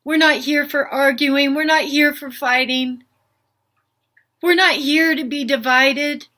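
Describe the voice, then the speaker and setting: A woman's voice: sits high, fairly even intonation, slow, pushed and bright. An older woman speaking an unscripted, heartfelt monologue as a spiritual healer, earnest and pleading, with repeated questions. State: emotional.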